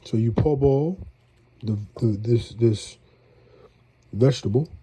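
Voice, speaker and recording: A congested man with a New drawl talks viewers through his cooking in a loose, folksy ramble. His voice is very dark and a touch husky. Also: mid-range voice, slow. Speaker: home cook. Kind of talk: casual cooking vlog.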